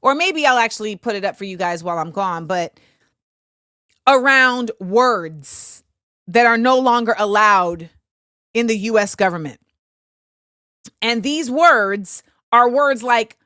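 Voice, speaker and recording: Blunt, forceful woman hosting a livestream. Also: on the high side, lively intonation, takes it slowly, long pauses, no room sound, clean studio sound. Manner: blunt and opinionated. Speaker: host. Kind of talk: livestream talk reading viewer comments.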